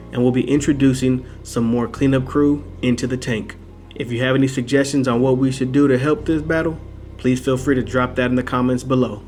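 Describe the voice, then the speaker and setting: A man's voice: mid-range voice, a little mellow. Upbeat man narrating a hobby vlog. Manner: upbeat and playful, slangy sign-off. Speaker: aquarium hobbyist vlogger. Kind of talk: casual voice-over narration.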